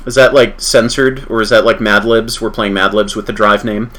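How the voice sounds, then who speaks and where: A man's voice: on the low side, level tone, normal speed, hardly any pauses, fairly bright tone, faint music behind. A man giving playful, self-deprecating commentary on a game livestream. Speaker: streamer.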